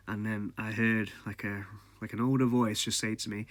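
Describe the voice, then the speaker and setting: A man's voice: lowish voice, fairly even intonation, normal speed, no room sound. A man, casually telling a personal ghost story as a podcast host, chatty and often laughing.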